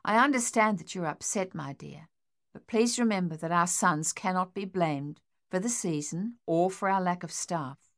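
A woman voicing a gentle, anxious wife who speaks softly and placatingly, in an audiobook. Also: fairly low pitch, moderate pace. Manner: soft, placating.

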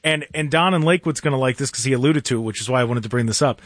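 A man's voice: mid-range voice, rapid-fire, few pauses, fairly bright tone, no room sound, studio quality. A man hosting a talk radio show, telling a story in a sarcastic, mocking way.

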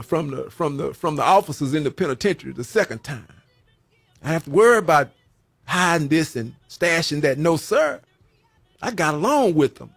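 A man's voice: on the high side, creaky, fairly bright tone, slightly rough, dry recording. A man who served prison time, preaching a sermon in a folksy way and repeating his phrases for emphasis.

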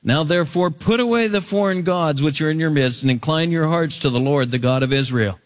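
A male pastor preaching, reading scripture aloud and adding expressive asides. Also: a little high, fairly quick. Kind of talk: sermon.

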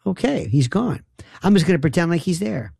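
A man hosts a late-night call-in radio show. He rambles in a wry, sarcastic way, his voice gravelly with fry. The studio sound is close and dry. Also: high voice, very animated, a little fast, a little mellow, no room sound. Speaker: radio talk show host.

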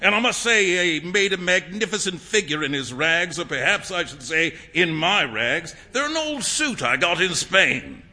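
A man reading a story aloud, voicing an amused, worldly young painter with a breezy, lively, laughing manner. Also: sits high, normal speed, hardly any pauses, full character voice.

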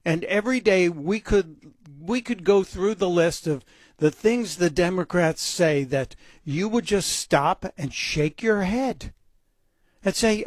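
A man's voice: high voice, takes it slowly, no echo. A man hosting a talk radio show, delivering a sarcastic, mocking opinion monologue into a close studio mic.

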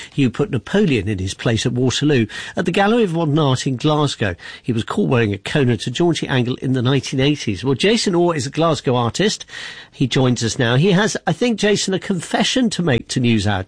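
Male news presenter, husky voice, measured scripted read, dry studio sound. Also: medium pitch, no echo.

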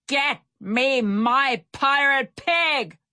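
A woman's voice: sits high, extremely slow, pushed and bright, dry recording, clean studio sound, voice pushed up, full character voice. A woman voicing an angry male pirate captain who growls and barks orders in a storybook reading. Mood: furious.

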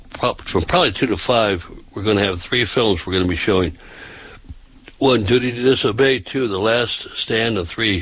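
Man, talk show host, husky, lowish voice, halting with fillers, reads news with asides. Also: a bit bright, no echo, low-quality recording. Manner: halting, with frequent uh fillers and restarts. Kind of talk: casual talk, reading news aloud with asides.

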